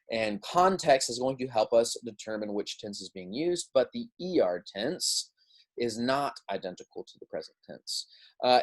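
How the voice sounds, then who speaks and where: A man's voice: mid-range voice, darkish tone. Chatty man teaching Spanish verbs. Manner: self-deprecating, chatty, repeats drills slowly. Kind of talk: recorded classroom lecture.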